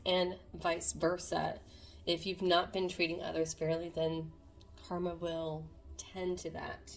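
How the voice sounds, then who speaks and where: Gravelly low-voiced woman reading tarot. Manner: earnest, meandering, addresses viewers directly. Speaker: tarot reader. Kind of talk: casual tarot reading to camera.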